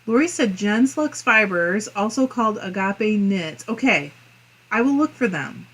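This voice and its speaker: A woman's voice: medium pitch, animated, measured pace, fairly bright tone, slightly rough, poor audio. A woman with a Midwestern accent hosting a live crafting stream, reading viewer comments aloud in a friendly, chatty way. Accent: Midwestern American. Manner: chatty and friendly, muses aloud with small laughs.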